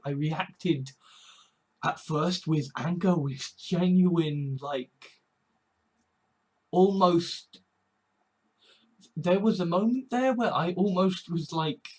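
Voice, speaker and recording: Husky, slow-talking man. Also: on the high side, a little mellow, rough recording. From Britain. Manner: earnest, halting, repeats words, swears often. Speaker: vlogger. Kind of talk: emotional personal monologue. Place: home.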